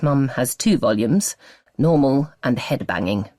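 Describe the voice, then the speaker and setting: A woman narrating a novel as an audiobook, with expressive storytelling. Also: very deep voice, unhurried, no room sound, studio quality.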